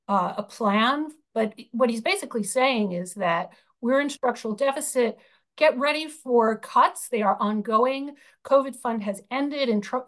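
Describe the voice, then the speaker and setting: Explanatory woman presenting over a video call. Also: on the high side. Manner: explanatory, frequent fillers and restarts. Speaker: union budget committee chair.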